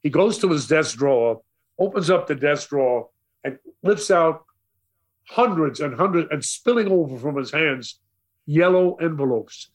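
A man's voice: fairly high pitch, measured pace. An older man, a radio DJ telling stories in an interview and acting out the voices of the people in them. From Brooklyn, New York. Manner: lively storyteller acting out quoted voices. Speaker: radio DJ guest. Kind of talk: storytelling interview.

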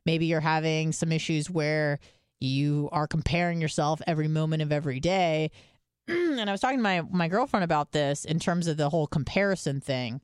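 A woman rambling through a casual podcast story, her voice smooth and resonant. She fills her talk with loose asides, recorded close and dry. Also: sits low, a little fast, dry recording. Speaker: podcast co-host. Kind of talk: casual chat.

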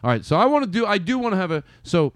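Comedy podcast host, man, lively swooping pitch, slightly high voice, dry close sound, rambling and playful. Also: very fast, no echo. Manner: rambling, playful, jokey asides. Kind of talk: casual comedy chat.

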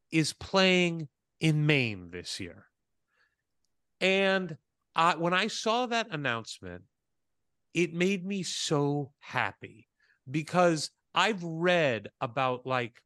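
Male co-host, slightly high, expressive, eager interviewer, dry studio mic. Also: dry recording. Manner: enthusiastic, rambling questions. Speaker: podcast co-host. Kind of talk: casual interview chat.

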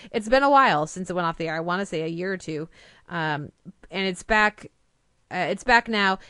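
A young woman co-hosts a casual TV review podcast with an enthusiastic, rambling delivery full of fillers and restarts. Her voice is smooth and clear. The recording is dry and close. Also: lowish voice, animated, moderate pace, fairly bright tone, no echo.

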